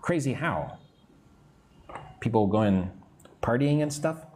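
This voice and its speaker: An adult American man, not young, teaches English on a live stream, reading viewers' comments aloud, answering casually, and slowly drilling pronunciation. His voice is medium-pitched and darkish with lively intonation, and the recording carries a slight hiss or hum.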